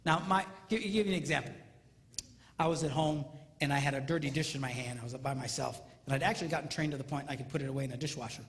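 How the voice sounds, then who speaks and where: A man giving a comedic seminar talk on marriage, animated and mimicking squealing women in falsetto. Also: quick pace. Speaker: comedic relationship speaker. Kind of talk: stand-up style seminar talk. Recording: live hall, faint ambience.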